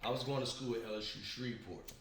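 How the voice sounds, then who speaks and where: A man hosting a casual chat, telling stories in an animated way. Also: medium pitch, fast talker. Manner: animated storyteller. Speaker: host. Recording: echoey room with background noise.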